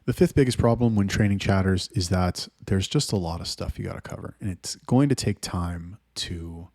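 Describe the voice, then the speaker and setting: A man's voice: low voice, normal speed, darkish tone, no room sound, clean studio sound. A young adult man hosting a casual vlog, talking bluntly and profanely with a rambling flow. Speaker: host.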